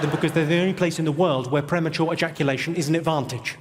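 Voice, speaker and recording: Posh deadpan comedian, high voice. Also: male voice, fast talker, hardly any pauses, heavy background noise. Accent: southern English, posh. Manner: deadpan one-liners, posh voice. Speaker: stand-up comedian. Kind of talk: stand-up set. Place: large theatre stage. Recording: live theatre, roomy, loud crowd. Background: audience laughter.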